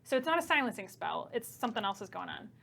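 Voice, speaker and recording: A woman's voice: mid-range voice, very animated, fast talker, creaky, a bit bright. A young adult woman narrating a tabletop game as game master, chatty and casual with many fillers.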